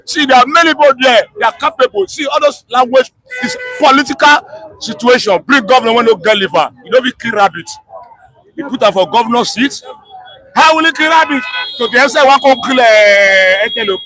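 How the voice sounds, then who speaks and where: A man with a Nigerian accent, speaking in a street interview, fiery and often shouting, repeating himself and mixing in pidgin. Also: very high-pitched, fairly quick, soft background music, rough recording.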